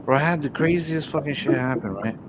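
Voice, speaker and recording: A man's voice: a little high, fairly quick, noisy background. A man in casual chat, telling rambling stories full of swearing and constant "you know what I'm saying" fillers.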